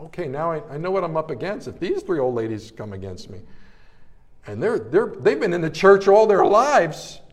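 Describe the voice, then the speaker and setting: A middle-aged male pastor preaching, his voice sitting a little high for a man. He moves from quiet, low scripture reading to loud, animated storytelling. The tone is lively and fervent throughout. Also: normal speed. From New Jersey area, Italian-American family. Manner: animated preacher, swings between hushed and loud. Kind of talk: sermon with personal storytelling.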